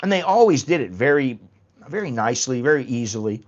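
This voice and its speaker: A man of middle pitch chats loosely on a livestream, drifting from point to point and cursing without a second thought. The audio is a little dull and lo-fi, like stream sound. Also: very animated, brisk. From United States. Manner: rambling, blunt storytelling with casual swearing. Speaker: livestream host. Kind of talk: casual livestream chat.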